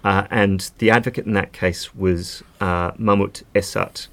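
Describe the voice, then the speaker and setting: A man's voice: sits low, fairly even intonation, measured pace, a bit bright. A man speaking as a legal expert guest in a podcast conversation, explaining at length with casual fillers.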